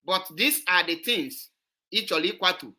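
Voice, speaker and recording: A woman's voice: on the low side, expressive, slow, pushed and bright. A woman, hosting an online show and commenting on a played clip, emphatic and repetitive. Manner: emphatic, repetitive, switches into Igbo.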